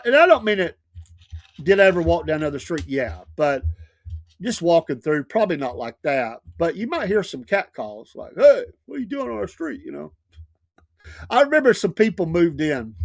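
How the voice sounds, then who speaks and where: A man's voice: on the high side, dry recording, clean studio sound. A man from the United States casually telling childhood neighborhood stories, laughing often and acting out the voices of people he quotes. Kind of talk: casual storytelling.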